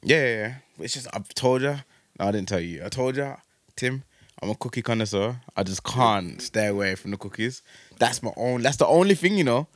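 A man's voice: mid-range voice, lively intonation, fairly quick, dry recording. A man, chatting playfully on a podcast with slang and laughs. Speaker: podcast co-host. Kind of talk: casual chat.

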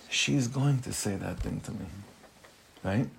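A man's voice: medium pitch, animated, slow pace, vocal fry, fairly bright tone, slightly rough. A man, a rabbi giving an informal Torah class in a conversational way, mixing Hebrew terms into his English and putting questions to the room.

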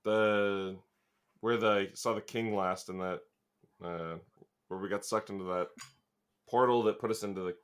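A man's voice: lowish voice, fairly even intonation, a little slow, long pauses, clear, resonant tone. A man playing a tabletop game, hesitant in speech. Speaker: player. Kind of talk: casual tabletop play.

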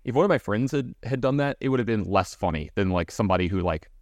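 Fast-talking man telling a funny story. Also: fairly low pitch, no room sound, clean studio sound. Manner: fast, animated storytelling with many fillers. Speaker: podcast co-host. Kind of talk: casual storytelling chat.

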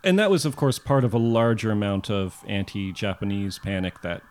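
A man's voice: fairly low pitch, big pitch swings, moderate pace, a little mellow, a little hiss or hum. Man telling history on a podcast. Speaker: podcast co-host. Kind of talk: casual history podcast storytelling.

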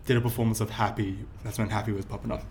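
A man's voice: lowish voice, flat delivery, very fast, slight background noise. Young man telling rambling stories. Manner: rambling storytelling full of fillers. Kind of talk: casual chat.

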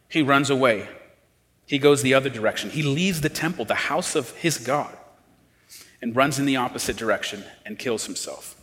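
A man preaching a sermon as pastor, earnest, rising to emphatic pleas and dropping low and quiet. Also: long reverb tail.

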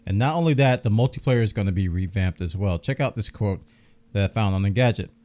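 Reading out details on his gaming news podcast, this man sounds casual and enthusiastic despite a somewhat worn voice; he's losing it and keeps coughing. He talks fast, with a lowish, warm tone.

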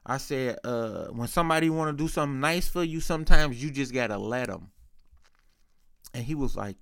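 A young man tells a personal story in a relaxed, rambling way. His voice sits at an ordinary pitch for a man and is recorded close and dry. His talk is full of slang, he quotes other people, and he clears his throat now and then. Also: moderate pace, no echo. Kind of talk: casual storytelling.

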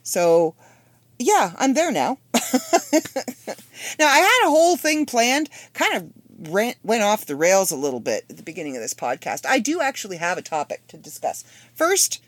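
A woman's voice: medium pitch, big pitch swings, moderate pace, no echo. A woman in her fifties hosting a solo podcast, chatty and rambling with wry asides. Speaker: podcast host. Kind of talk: casual solo podcast monologue.

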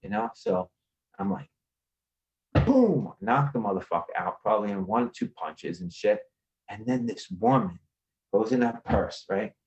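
A man from Queens, a podcast guest telling rough street stories in a swaggering, profane way over a video call. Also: fairly low pitch, expressive, measured pace, dull audio. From Queens, New York. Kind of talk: casual storytelling.

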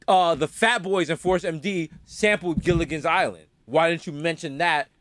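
A man co-hosting a podcast in casual chat, animated and jokey, rattling off nicknames. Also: a little high, normal speed, no room sound. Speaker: podcast co-host.

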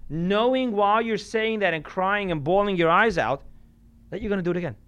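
A man preaching a sermon as a rabbi, emphatic, with sudden swings between loud and quiet, and dropping in Yiddish and Hebrew religious terms. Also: high-pitched, brisk, clean tone, dull audio.

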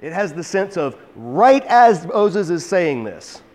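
A man's voice: high voice, sing-song, slow pace, a little mellow, long reverb tail. A man teaching a Bible chapter verse by verse in a conversational, emphatic way, often restarting his phrases.

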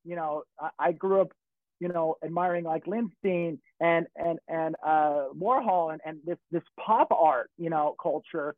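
A man's voice: a little high, measured pace, no echo. A middle-aged man from California telling stories in casual chat, rambling and swearing with many restarts. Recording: tinny phone-like dry sound.

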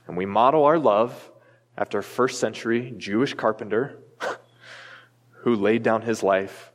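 A pastor delivering a sermon in a church, earnest and emphatic, with the odd light aside to the congregation. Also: male voice, lowish voice, a little slow. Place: church sanctuary. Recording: long reverb from a large hall.

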